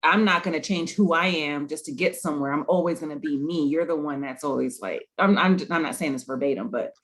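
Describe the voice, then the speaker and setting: A man's voice: a little high, brisk, fairly bright tone. A man co-hosting a casual talk show about a TV series, asking questions and thinking aloud. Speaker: podcast co-host. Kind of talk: casual chat about a TV episode.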